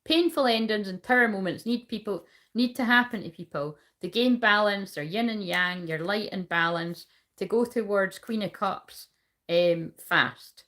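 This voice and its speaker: A woman's voice: mid-range voice, moderate pace, a bit bright. A woman giving a casual tarot reading, rambling, swearing freely and laughing often. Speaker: tarot reader.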